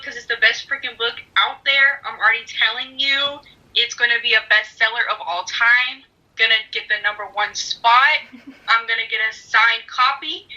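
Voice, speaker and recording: A woman's voice: high-pitched, bright, forceful tone, lo-fi sound. A woman on a video call gushing with enthusiasm, giggly and effusive. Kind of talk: casual message on a video call.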